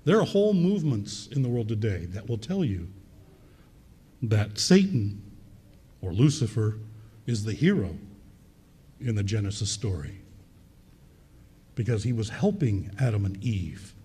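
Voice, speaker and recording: Male preacher, husky, lively intonation, emphatic repetition of key words. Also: fairly low pitch, measured pace, long pauses, in a large hall. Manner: reads scripture aloud and repeats key words for emphasis. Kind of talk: sermon. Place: church.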